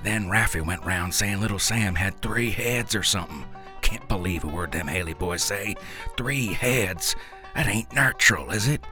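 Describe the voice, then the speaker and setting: A man narrating a story in a deadpan, folksy dialect delivery. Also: low voice, moderate pace. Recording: dry close mic, faint music.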